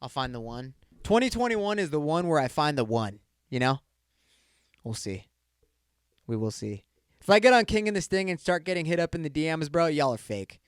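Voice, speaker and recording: A man's voice: a little high, lively intonation, normal speed, clear, resonant tone, dry recording, studio quality. A man in his mid-twenties hosting a casual solo podcast, rambling and swearing a lot and saying "dude" often. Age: 20s. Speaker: podcast host.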